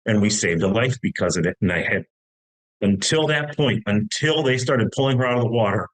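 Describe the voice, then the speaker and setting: A man's voice: fairly low pitch, lively intonation, brisk, low-quality recording. A middle-aged American man telling a long story in casual talk, long-winded with many restarts. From United States. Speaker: podcast guest.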